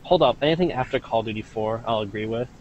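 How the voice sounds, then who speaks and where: A man in his twenties chatting casually as a guest, animated and loose, full of likes and swearing. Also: medium pitch, quick pace, dull audio, a loud crowd. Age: 20s. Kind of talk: casual chat.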